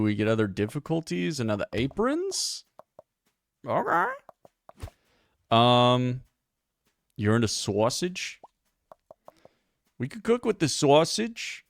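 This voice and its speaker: Guy streaming a game, talks slow, voice jumps all over, goofy and thinking out loud. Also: medium pitch, gravelly, no room sound, studio quality. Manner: playful, silly voices, thinking aloud. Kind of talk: live gameplay commentary.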